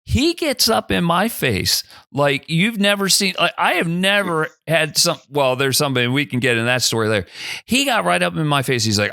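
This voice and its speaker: A man's voice: a little high, moderate pace, vocal fry, dry recording, clean studio sound. A middle-aged man, a podcast guest, telling a story casually and acting out the people in it. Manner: animated, acts out dialogue in the anecdote.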